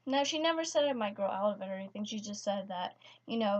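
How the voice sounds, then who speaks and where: A woman's voice: medium pitch, expressive, quick pace, few pauses. A teenage girl telling a personal story in a vlog, hesitant and full of restarts. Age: teens. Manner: hesitant, many restarts and fillers. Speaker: vlogger. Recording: slightly dull lo-fi sound.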